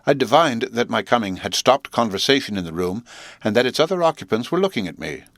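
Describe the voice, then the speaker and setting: A man reading a classic novel aloud as an audiobook narrator, in a measured, deliberate manner. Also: mid-range voice, sing-song, fairly bright tone, no echo, clean studio sound.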